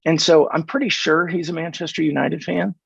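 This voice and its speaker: Fifties american guy from california, gravelly fry, kinda high voice, lively storyteller, dull dry podcast audio. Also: brisk, no room sound. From California, USA. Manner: animated storyteller who acts out dialogue. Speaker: podcast guest. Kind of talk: casual interview storytelling.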